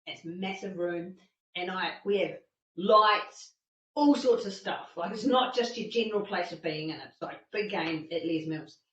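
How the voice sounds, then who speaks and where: A woman fitness instructor telling a personal story in an animated talk, acting out her own panicked thoughts. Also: fairly low pitch, normal speed. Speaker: fitness instructor and masterclass speaker. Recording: distant, echoey and dull-sounding.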